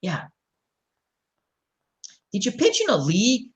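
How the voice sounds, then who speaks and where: Middle-aged male host, casual chat, rambling storyteller, slightly higher voice. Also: moderate pace, rough recording. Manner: rambling, animated storyteller acting out quotes. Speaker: show host.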